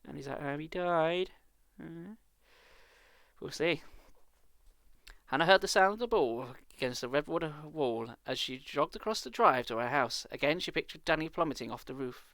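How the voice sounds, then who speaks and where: A man's voice: on the high side, expressive, normal speed, vocal fry, a bit bright, dry recording. A British man reading a children's book aloud live, with dry, sarcastic asides. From Britain.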